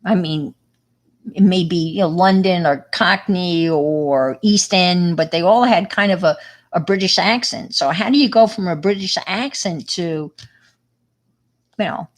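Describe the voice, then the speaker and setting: A middle-aged woman with a New York accent, chatting casually with viewers on her livestream, rambling with lots of fillers and restarts. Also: lowish voice. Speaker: livestream host.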